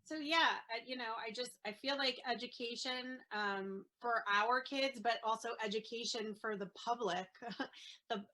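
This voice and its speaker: A woman speaking as an interview guest, an earnest mother talking in a halting way with many fillers and restarts. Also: on the high side, pushed and bright, a little hiss or hum, rough recording. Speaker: guest, autism mom. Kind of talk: casual interview chat.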